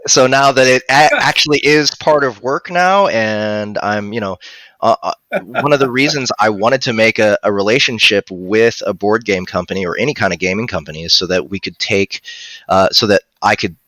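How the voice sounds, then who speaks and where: A man's voice: fairly low pitch, moderate pace, pushed and bright, dry recording. A man chatting casually on a livestream about narrating audiobooks, rambling with restarts and fillers.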